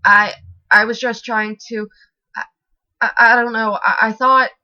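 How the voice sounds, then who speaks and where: A woman's voice: on the high side, steady tone, a little slow, bright, forceful tone, dry recording, voice pushed up. A woman voicing a nervous young male shop clerk who stammers anxiously, in a slightly muffled dry recording. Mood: frightened.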